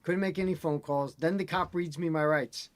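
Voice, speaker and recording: A man in casual chat, telling an animated, ranting story as host. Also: a little high, moderate pace, no echo.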